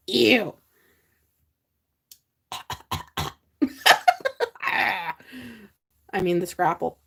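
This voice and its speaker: A woman's voice: on the low side, slow pace, gravelly, long pauses. A chatty woman hosts a casual livestream. She talks easily with her viewers, reads their comments aloud and laughs often as she goes. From Pennsylvania. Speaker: livestream host.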